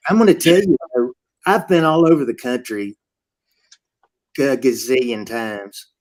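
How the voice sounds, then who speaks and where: A man's voice: medium pitch, measured pace, a little mellow. A man with an East Texas Southern accent, chatting casually and politely in a group conversation.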